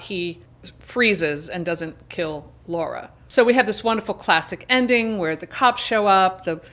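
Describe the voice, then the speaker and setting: A woman hosting a casual show, retelling a film's plot in a chatty way with quick asides. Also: medium pitch, fairly bright tone. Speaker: host. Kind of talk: casual film discussion.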